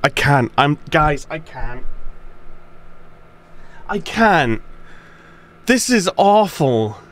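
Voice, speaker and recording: A man's voice: on the high side, big pitch swings, drawn-out words, fairly bright tone. A man giving casual commentary while playing a game, ranting in frustration and swearing.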